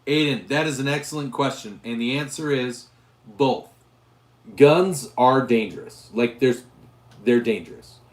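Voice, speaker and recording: A hoarse man hosting a casual livestream about guns, rambling with restarts as he answers viewers' chat. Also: mid-range voice, unhurried, roomy sound. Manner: rambling, with frequent restarts and fillers. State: hoarse, losing his voice. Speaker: gun channel host reading live chat.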